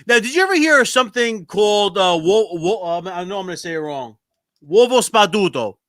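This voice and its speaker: A man hosting an interview, asking halting questions with many restarts and repeated words. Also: high voice, animated, a bit bright, dry recording, studio quality. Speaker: host. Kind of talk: casual interview chat.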